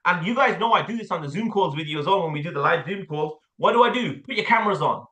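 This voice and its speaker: A man with an English accent coaching a sales team, blunt and animated, with casual slang and the odd swear word. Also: high-pitched, fast talker, echoey room. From England. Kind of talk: sales training talk with role-play.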